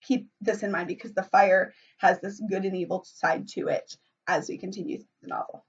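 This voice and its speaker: Teacher reading aloud, distant and muffled. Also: female voice, medium pitch, steady tone, breathy edge. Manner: measured, explanatory. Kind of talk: read-aloud narration with teaching asides.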